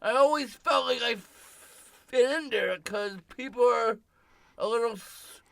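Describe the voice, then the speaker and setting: Very high, gravelly man rambling. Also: fairly bright tone, dry recording. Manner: rambling, restarts sentences, fast bursts. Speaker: podcast co-host. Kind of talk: casual podcast banter.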